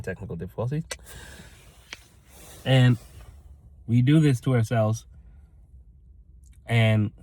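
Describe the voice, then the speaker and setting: A man giving a rambling, earnest motivational talk to his viewers, acting out other people's voices as he tells a story. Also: mid-range voice. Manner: rambling, earnest, addresses "ladies and gentlemen"; acts out quoted voices in his stories. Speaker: motivational vlogger.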